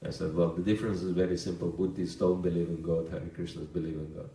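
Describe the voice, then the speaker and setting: Deep-voiced man telling a story in a roomy hall. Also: quick pace, hardly any pauses, far from the mic. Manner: relaxed anecdotal storytelling with fillers and chuckles. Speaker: monk giving a talk. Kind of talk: storytelling lecture.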